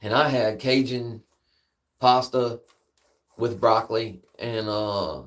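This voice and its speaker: Laid-back male streamer telling a story off the cuff, profane and rambling, average pitch. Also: steady tone, takes it slowly, fairly bright tone. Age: adult with a daughter. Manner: rambling, profane, peppers speech with "man". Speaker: livestream host. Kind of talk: casual storytelling.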